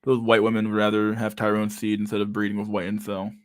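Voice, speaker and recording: A man's voice: on the low side, completely flat delivery, quick pace, no echo, studio quality. A man in his thirties hosting a casual live stream, reading viewer comments aloud in a loose, profane way and saying "dude" a lot. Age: 30s.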